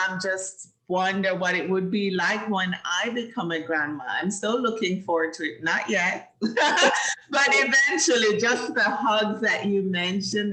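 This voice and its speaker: A Jamaican woman hosts a children's program over a video call. Her voice is bright and clear, and she talks in an encouraging, teacherly way, laughing often. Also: mid-range voice. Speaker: host of a children's show. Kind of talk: lively chat with kids on a video call.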